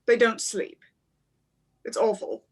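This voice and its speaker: Una aventurera adulta, seca y algo maternal, interpretada por una mujer. Habla despacio, sin prisa, en una partida de rol de mesa. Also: female voice, fairly high pitch, flat delivery, slow pace. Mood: dry. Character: hearty adult woman adventurer who drinks ale. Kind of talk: tabletop role-play.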